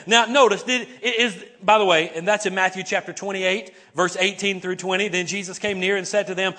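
Pastor, male, high-pitched, preaches in a chatty way, punctuates with "right?", asks the room to repeat key words. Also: moderate pace, bright, forceful tone. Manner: conversational, many "right?" and "okay?" tags. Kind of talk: sermon. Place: church sanctuary before a congregation.

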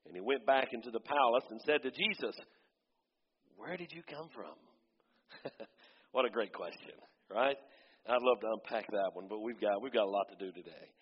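A man's voice: fairly high pitch, husky. Male pastor, sermon, dramatic reader, dull long-reverb hall sound. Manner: dramatic scripture reading with asides.

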